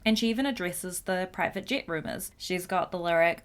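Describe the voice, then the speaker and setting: Giggly, low-pitched woman gossiping casually. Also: fairly quick, hardly any pauses. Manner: chatty, giggly, swears casually. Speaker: host. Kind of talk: casual pop-culture commentary.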